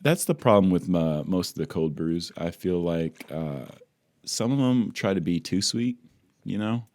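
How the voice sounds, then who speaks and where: A playful man with a low, deep voice, co-hosting a relaxed podcast chat. He sounds upbeat and likes to repeat phrases for fun. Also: measured pace. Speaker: podcast co-host. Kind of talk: casual chat over drinks. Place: home in the UK on a video call.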